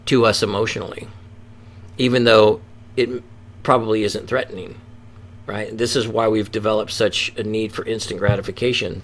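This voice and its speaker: An earnest man at an average pitch teaching a presentation on addiction recovery. He explains patiently and often restarts his phrases. Now and then he acts out the inner thoughts he is describing.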